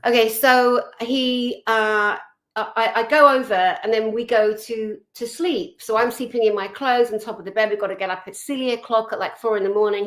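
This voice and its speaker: A woman telling a personal story in a chatty, animated way over a video call, with lots of fillers. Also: a little high. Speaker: guest.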